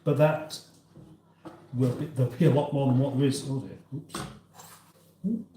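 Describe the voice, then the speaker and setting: Cooking live in his home kitchen, an English host with a northern accent chats loosely and reads out viewers' comments. He speaks at a moderate pace in a dark, mid-range voice with fairly even intonation, against an echoey room and faint noise.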